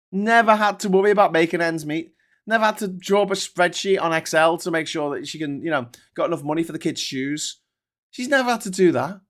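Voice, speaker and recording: A man's voice: high voice, fairly bright tone. A British man hosting a political commentary show, ranting in a heated, mocking, sweary way.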